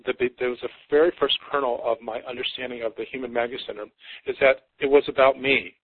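A man's voice: medium pitch, steady tone, fast talker, husky, no echo. Man in his fifties on a tinny line. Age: 50s. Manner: earnest, reflective, frequent restarts and hesitations. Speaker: psychotherapist and author, podcast guest. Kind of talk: conversational interview. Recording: tinny phone-like line, dry.

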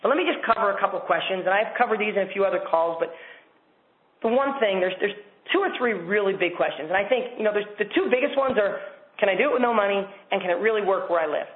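Fast-talking high-voiced man on a phone line. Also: animated. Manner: fast, enthusiastic, salesy. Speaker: host of a coaching call. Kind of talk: motivational sales pitch on a conference call. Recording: tinny phone line with echo.

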